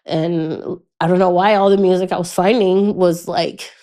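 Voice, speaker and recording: A young adult woman with a lowish voice and steady tone guests on a podcast, candidly recounting something painful. Her narration halts and restarts often, dropping into quiet at the hardest parts.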